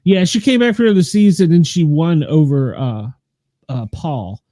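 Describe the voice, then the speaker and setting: A man hosts a casual podcast chat with a mellow, darker voice. He is gossipy and swears freely, laughing as he goes. The sound is close and dry. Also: fairly high pitch, moderate pace, no room sound. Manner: profane, laughs often, gossipy. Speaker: podcast host.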